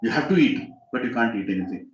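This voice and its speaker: Indian English male spiritual teacher, mid-pitched, dramatic storyteller, echoey room. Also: expressive, quick pace. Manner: dramatic, rises sharply in pitch and volume at tense moments. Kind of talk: storytelling talk to a group.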